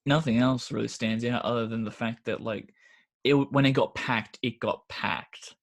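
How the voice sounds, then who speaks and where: A man's voice: mid-range voice, steady tone, normal speed, vocal fry. A young man, co-hosting a podcast in casual chat, telling stories loosely with laughs and swearing. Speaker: podcast co-host.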